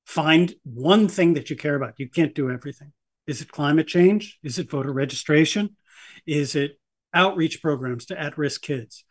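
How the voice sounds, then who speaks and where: A male journalist with a high voice talks through a podcast interview. He is wry and sardonic, with a quick laugh between points. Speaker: journalist guest.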